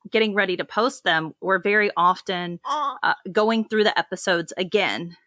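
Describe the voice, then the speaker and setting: A woman co-hosting a casual podcast, chatty and quick to laugh. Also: mid-range voice, bright, forceful tone, dry recording. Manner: giggly, chatty, laughs often. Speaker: podcast co-host. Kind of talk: casual chat.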